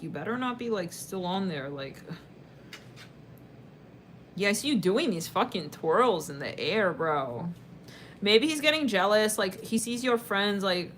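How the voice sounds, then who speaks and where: A woman's voice: mid-range voice, a bit bright, a little hiss or hum. A woman doing a casual tarot reading for her viewers. She talks in a chatty, rambling way, with lots of fillers and sudden laughs. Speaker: tarot reader.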